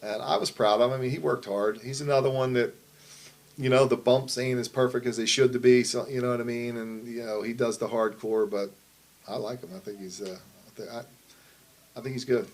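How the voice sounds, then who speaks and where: This wrestling promoter, a middle-aged man, speaks at a medium pitch with fairly even intonation and a brisk pace. Sitting for a casual interview, he rambles through profane wrestling stories, often tossing in "you know what I mean." The audio quality is low.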